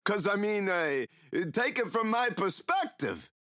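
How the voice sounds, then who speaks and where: An actor playing a rambling, mocking killer who taunts a captive priest in an audio drama. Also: male voice, sits high, big pitch swings, a little slow, sharp tone, no room sound, studio quality, heavily acted. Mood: taunting.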